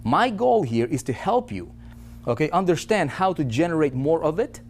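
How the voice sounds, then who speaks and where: A man's voice: on the high side, big pitch swings, normal speed. Persuasive man with a faint hum. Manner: persuasive, peppered with "right?" and "you know". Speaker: online business presenter. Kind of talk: motivational sales pitch.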